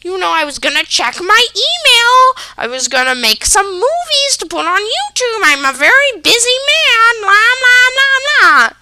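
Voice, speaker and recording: A woman's voice: very high-pitched, big pitch swings, measured pace, hardly any pauses, bright, forceful tone, no echo, pitched above the performer's own voice, full character voice. A young woman mimicking her grumpy dad as a self-important man who complains in an exaggerated, whiny way. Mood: mocking, indignant.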